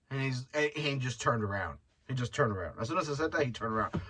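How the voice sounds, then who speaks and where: A man's voice: medium pitch, expressive, fast, pushed and bright, husky, distant mic. A man hosting his own podcast, rambling bluntly and swearing freely as he talks through his thoughts. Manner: rambling, blunt and profane, with frequent restarts. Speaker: podcast host. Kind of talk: casual solo podcast monologue.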